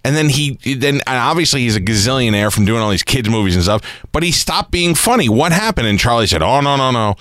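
Brief: male radio host, jokey banter, expressive pitch, dry studio mic. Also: fast, few pauses, no room sound. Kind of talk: radio interview chat.

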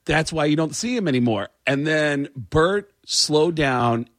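A man telling stories as a comedian guest on a radio show, animated and playful. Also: on the high side, measured pace, dry recording. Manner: animated storyteller, acts out voices in his stories. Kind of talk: casual radio chat.

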